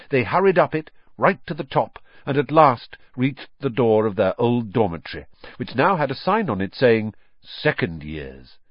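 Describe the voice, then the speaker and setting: A man's voice: fairly low pitch, no room sound, dull audio. A man narrating a storybook aloud, acting out each character's voice. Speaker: audiobook narrator. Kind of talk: storybook reading.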